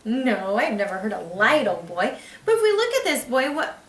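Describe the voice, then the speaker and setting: Bright-voiced woman teaching reading, echoey room. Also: a little high, sing-song, moderate pace. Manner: patient, encouraging, explanatory. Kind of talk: instructional demonstration for parents. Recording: echoey room, mic far off.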